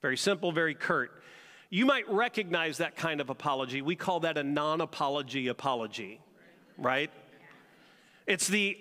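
Male pastor, slightly high, bright tone, preaching with questions to the congregation, long reverb of a big hall. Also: expressive, normal speed. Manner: asks the congregation rhetorical questions. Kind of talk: sermon.

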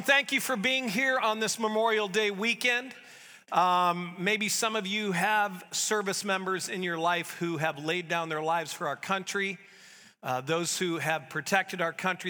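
A high, bright male voice preaching in a church sanctuary, mixing scripture with casual asides to his congregation. His words ring out with a long reverb from the large hall. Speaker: pastor. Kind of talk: sermon.

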